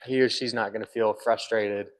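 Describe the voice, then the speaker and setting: A man's voice: on the low side, steady tone, normal speed. A young man co-hosting a podcast, earnestly explaining his views with examples in casual talk. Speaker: podcast co-host. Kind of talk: casual conversation.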